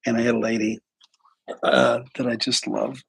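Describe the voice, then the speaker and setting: Older male therapist, livestream storyteller, gravelly and husky, restarts often. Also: mid-range voice, level tone, moderate pace, a bit bright. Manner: rambling, repeats words, many restarts. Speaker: therapist and coach.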